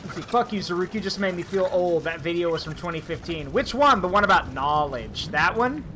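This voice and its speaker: A man streaming a game, telling stories in an animated way with swearing and asides, in casual chat. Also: high-pitched, fairly quick, noisy background. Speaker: streamer and host.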